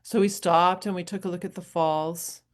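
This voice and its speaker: A middle-aged woman from New Hampshire talks to camera as a coach in a loose, rambling way. Her voice sits a little low for a woman. She laughs easily and drifts between advice and stories. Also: fairly even intonation, normal speed. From New Hampshire, USA. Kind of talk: casual motivational talk to camera.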